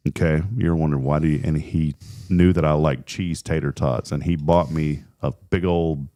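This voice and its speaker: A man's voice: extremely low pitch, normal speed. A man telling a personal story in casual chat, acting out the voices he quotes with plenty of restarts. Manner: animated, acts out quoted voices, many restarts.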